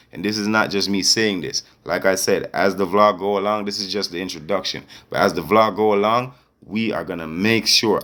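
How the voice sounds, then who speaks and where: A man's voice: lowish voice, fairly bright tone. A man in an angry, confrontational rant to camera as a vlogger, repeatedly checking that listeners follow him. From Canada. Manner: confrontational, repeats "you get me".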